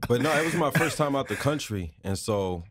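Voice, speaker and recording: A man's voice: mid-range voice, lively intonation, fairly quick, a bit bright, breathy edge, no echo. A man in his twenties, a guest on a talk show, speaks reflectively and casually, often searching for words. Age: 20s. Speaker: activist guest. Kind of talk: casual conversation.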